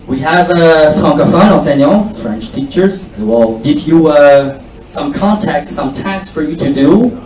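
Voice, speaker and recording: A fairly high-pitched man, the school principal, takes his time through a lively seminar for prospective students, working French phrases and drills into the lecture. He's recorded from afar in an echoing presentation room with a faint background hum.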